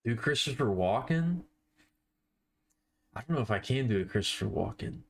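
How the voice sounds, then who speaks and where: A man's voice: medium pitch, expressive, moderate pace, gravelly. A man chatting casually on a live stream while he draws, rambling and self-deprecating, with offhand swearing.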